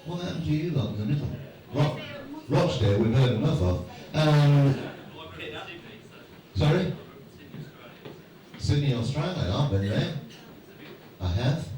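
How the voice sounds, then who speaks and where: A man's voice: a little high, expressive, a little slow, long pauses, dark tone. A man on stage as a guest speaker, bantering with the audience and telling rambling, self-mocking anecdotes. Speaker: guest speaker at a fan event. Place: large hall before a live audience. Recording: echoey hall, distant mic, noisy.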